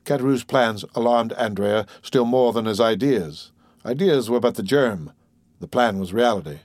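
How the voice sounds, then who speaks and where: A man's voice: medium pitch, moderate pace, darkish tone, no echo. Man narrating a classic novel. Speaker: audiobook narrator.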